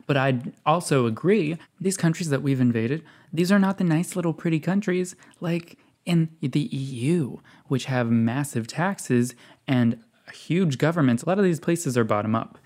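A man's voice: on the high side, darkish tone. Sarcastic man doing reaction commentary. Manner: sarcastic, scoffing, reads text aloud. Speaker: commentary video host.

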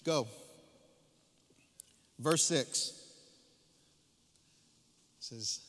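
A middle-aged male pastor with a notably high voice, preaching in a church hall with a long echo. He repeats key phrases and swings between loud, drawn-out lines and hushed asides. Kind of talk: sermon. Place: church sanctuary.

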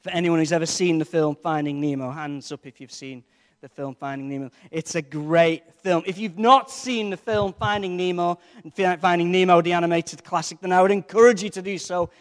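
A man's voice: high voice, steady tone, a little fast. A man preaching a sermon in a conversational, jokey way, with playful asides to the congregation. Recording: long reverb of a large hall.

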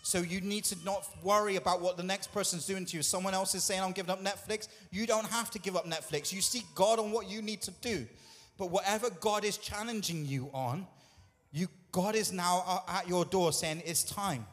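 A man's voice: sits high, normal speed, a bit bright, long reverb tail. A man pastor preaching a sermon in a church, talking conversationally, acting out quoted voices and putting questions to the congregation. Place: church hall.

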